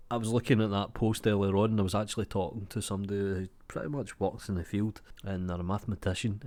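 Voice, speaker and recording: Getting over a cold, this young adult male YouTube creator has a fairly low, mellow voice. He works his way through viewer comments in a relaxed manner, cursing without restraint and saying "mate" constantly.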